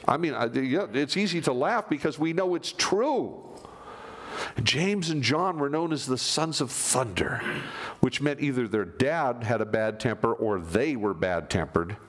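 A man preaching a sermon, animated, moving from loud emphasis down to near-whispers. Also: medium pitch, moderate pace. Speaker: pastor.

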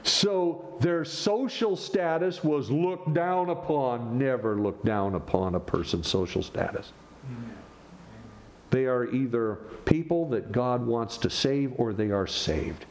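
A man preaching a sermon as pastor, animated and joking with the congregation between points. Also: medium pitch, slow pace, a little hiss or hum.

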